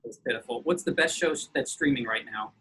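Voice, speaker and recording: A man's voice: mid-range voice, a bit bright, husky, low-quality recording. A man interviewing a colleague outdoors, firing off questions and teasing his guest. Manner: playful, teasing, quick questions. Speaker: interviewer, church organist. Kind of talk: casual interview.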